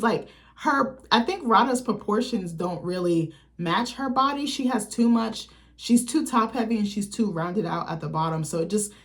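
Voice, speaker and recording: A woman talking straight to camera as a vlogger, giving blunt, candid and profane opinions in a loose, chatty way. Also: medium pitch. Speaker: vlogger, channel host. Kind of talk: casual opinion commentary.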